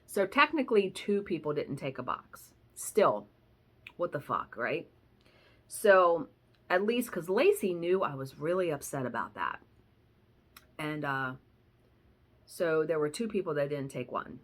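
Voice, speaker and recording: A woman's voice: low-pitched, very animated, measured pace, pauses often. A woman vlogger telling a story in a casual, chatty way, swearing now and then. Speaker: cross-stitch vlogger.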